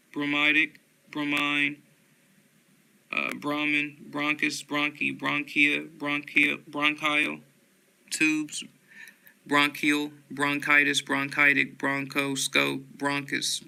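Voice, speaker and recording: Man, steady dictionary reader; bright, crisp and gravelly voice, slow monotone delivery. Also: a little high, low-quality recording. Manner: slow, flat word-by-word reading with occasional stumbles and fillers. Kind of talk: reading dictionary entries aloud.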